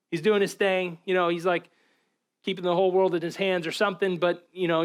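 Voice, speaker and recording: Man, pastor, casual sermon, slightly high voice, conversational, frequent fillers. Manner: casual and chatty, with frequent fillers and repeated words. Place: church.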